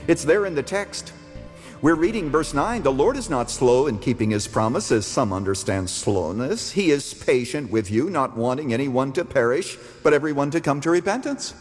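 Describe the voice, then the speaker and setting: Older male pastor, pulpit sermon, emphatic; lively pitch, long church reverb. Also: moderate pace, faint music behind. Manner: emphatic, rising to challenge listeners. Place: large church sanctuary.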